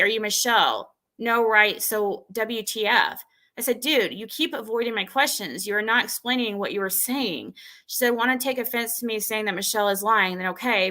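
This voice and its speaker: Bright-voiced woman venting to her stream. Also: mid-range voice. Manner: exasperated, rambling, retelling an argument with many restarts.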